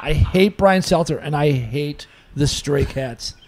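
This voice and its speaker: A man with a high voice rants and swears through a casual podcast chat. There is clear noise under the recording. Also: slow, darkish tone. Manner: ranting, swearing, laughing. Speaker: podcast co-host. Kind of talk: casual profane podcast banter.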